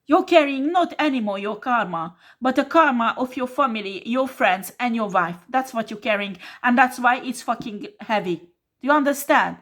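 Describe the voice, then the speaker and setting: A woman tarot reader delivers a blunt, scolding monologue, full of swearing. Her voice sits fairly high, and her English has non-native phrasing. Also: expressive, normal speed, fairly bright tone.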